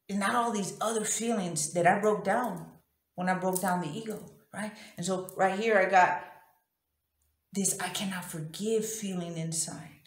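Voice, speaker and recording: A woman's voice: mid-range voice, a bit bright, roomy sound. A woman telling a personal story in a raw, profane, emotionally open confessional way. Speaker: vlogger.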